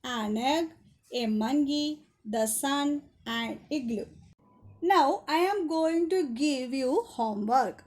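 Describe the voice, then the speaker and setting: A woman's voice: high voice, lively intonation, darkish tone. A woman teaching a children's grammar lesson, repeating each rule and answer step by step. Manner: slow, repetitive, spells out each rule.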